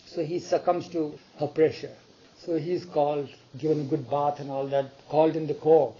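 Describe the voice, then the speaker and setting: A man's voice: a little high, normal speed, highs cut off. A man retelling a spiritual story to an audience, acting out the dialogue and asking listeners questions as he goes. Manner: animated, acts out the dialogue, asks the audience questions.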